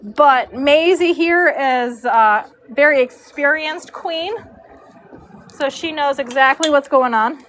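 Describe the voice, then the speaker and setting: A woman in her forties with a high voice chats casually on a livestream as she braids horses. She reads out viewer comments and talks baby talk to her dog. Faint noise sits in the background. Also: slow pace, fairly bright tone. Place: horse show barn stall.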